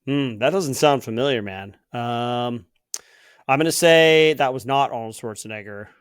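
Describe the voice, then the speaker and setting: A man co-hosting a podcast, guessing movie quotes and recounting scenes with quick laughs. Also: mid-range voice, smooth, no room sound, clean studio sound. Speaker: podcast co-host, quiz contestant. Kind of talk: casual chat.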